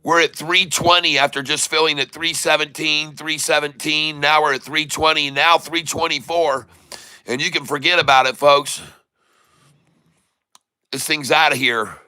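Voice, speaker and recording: A middle-aged man hosting a live day-trading stream, giving excited running commentary and calling out to his viewers as "folks.". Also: a little high, normal speed, clear, resonant tone, no room sound, studio quality.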